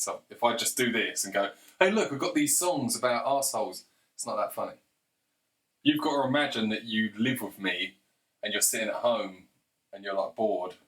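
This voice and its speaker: Guy rambling crude jokes, bright voice, kinda far from the mic. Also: lowish voice. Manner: crude, chatty, keeps urging the listener on. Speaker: comedian. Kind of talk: rambling comic monologue.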